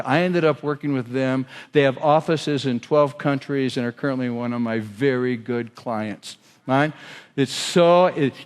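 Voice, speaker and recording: A man's voice: mid-range voice, clean tone. A man giving a keynote speech on sales, telling stories and questioning the audience. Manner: storytelling with quoted voices and audience questions. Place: large hotel ballroom. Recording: long hall reverb.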